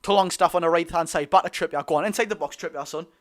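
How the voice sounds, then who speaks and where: A young man with a Geordie accent giving live, excitable fan commentary on a football match, swinging between loud cheering and low muttering. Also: fast. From North East England. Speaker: football watch-along host.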